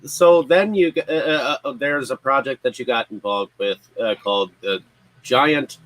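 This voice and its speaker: A man hosting an interview, asking slow, hesitant questions with fillers. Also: mid-range voice, a bit bright, rough recording. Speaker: interviewer, host.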